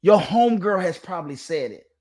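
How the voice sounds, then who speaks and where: A man's voice: high voice, lively intonation, fairly quick, a little mellow. A man giving a preachy direct-to-camera monologue, emphatic and repetitive, with a sermon-like cadence. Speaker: online commentator.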